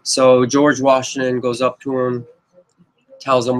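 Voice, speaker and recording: A man talks straight to camera, pitching his own script in a loose, wandering flow that keeps circling back with "you know" and "but yep." His voice sits at an ordinary middle pitch and stays flat, with little rise or fall. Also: a little slow, low-quality recording. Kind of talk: casual rambling pitch to camera.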